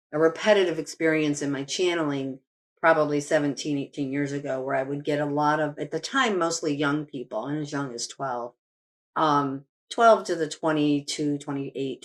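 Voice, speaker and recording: A middle-aged woman, a medium, telling a personal story as a podcast guest in a rambling way, with restarts and fillers. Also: deep voice.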